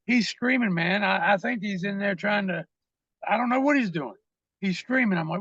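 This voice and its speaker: A man's voice: sits high, normal speed, a bit bright, no room sound, lo-fi sound. A man, a podcast guest, telling rambling, profane stories full of fillers in a casual interview.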